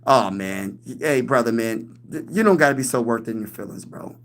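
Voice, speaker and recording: A man's voice: medium pitch, expressive, normal speed, a bit bright. A young man hosting a casual sports livestream, reading chat comments aloud and trash-talking other teams. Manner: hypes, reads and answers chat comments, talks trash.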